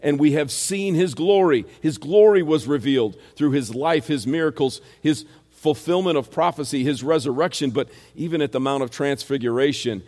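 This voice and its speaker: A man's voice: on the high side, moderate pace, a little mellow. A man with a rural American accent preaching an expository sermon, emphatic and fond of rhetorical questions. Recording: long hall reverb.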